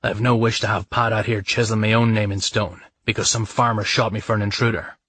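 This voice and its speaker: A man playing a brooding, passionate male lover in a romance audiobook, speaking low and intimate. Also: flat delivery, fairly quick, fairly bright tone. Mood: angry. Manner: low, intimate, sometimes gruff.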